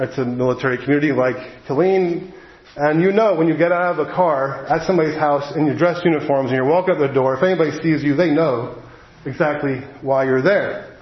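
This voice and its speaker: Man, pastor, sermon, earnest storytelling, slightly high voice, dull lo-fi sound. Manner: earnest storytelling, slowing on heavy moments. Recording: echoey hall, dull lo-fi sound.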